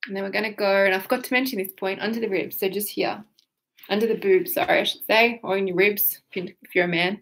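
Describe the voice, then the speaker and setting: A woman's voice: medium pitch, steady tone, a little fast, fairly bright tone. A woman coaching a guided tapping session, talking casually and breaking into exaggerated emotional phrases and breaths. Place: home setup on camera.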